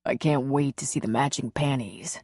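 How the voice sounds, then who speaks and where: A woman reading the part of a gentle, confident man in an audiobook romance, speaking in a low, reassuring murmur. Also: normal speed, slightly rough, dry recording, studio quality, full character voice. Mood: tender. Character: tender confident adult man, a lover.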